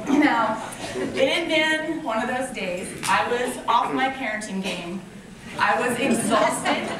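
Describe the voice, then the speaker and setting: Heard from far off in a large convention hall full of echo, a high-voiced woman in her thirties gives a fundraiser speech. As a nonprofit founder, she speaks with enthusiasm and gratitude and tells personal stories.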